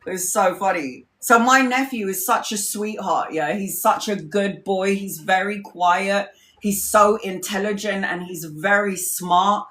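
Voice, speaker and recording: A woman's voice: mid-range voice, measured pace, a bit bright. A woman, a tarot reader telling a personal story in a casual, chatty way, laughing often and swearing freely. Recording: roomy echo.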